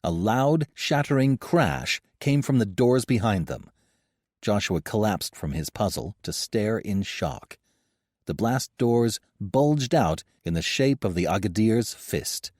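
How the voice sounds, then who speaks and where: A man narrating a science-fiction audiobook in an expressive storytelling manner. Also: fairly low pitch, slow, no room sound, clean studio sound. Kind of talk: scripted narration.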